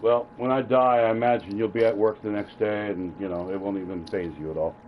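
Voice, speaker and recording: A man's voice: on the low side, steady tone, brisk. Stammering, profane middle-aged father on a tinny phone. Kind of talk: heated family argument. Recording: tinny phone line with faint hiss.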